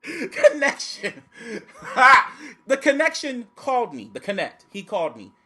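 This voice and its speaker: A man hosting a podcast in casual chat, telling stories in an animated, profane way. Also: very high-pitched, slow. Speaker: podcast host.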